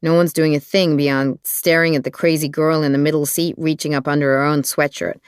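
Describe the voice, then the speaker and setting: An audiobook narrator reading a thriller in an even, measured storytelling manner. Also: mid-range voice, smooth, no room sound, studio quality.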